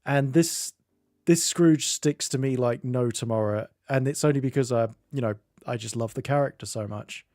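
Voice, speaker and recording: English man, streamer, mellow voice, rambling chat, dry close sound. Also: medium pitch, dry recording. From Northamptonshire, England. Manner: rambling, self-interrupting, quick to laugh. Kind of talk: casual chat.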